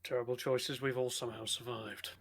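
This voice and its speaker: A man's voice: medium pitch, level tone, brisk, gravelly, slight background noise. A man playing a tabletop game who comments in a wry, joking way. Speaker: player.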